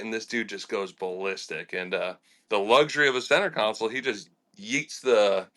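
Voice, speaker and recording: A young adult man, a fishing charter captain telling animated stories in a casual podcast interview, laughing and acting out quotes. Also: lowish voice, normal speed. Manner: animated and laughing, with lots of fillers and acted-out quotes.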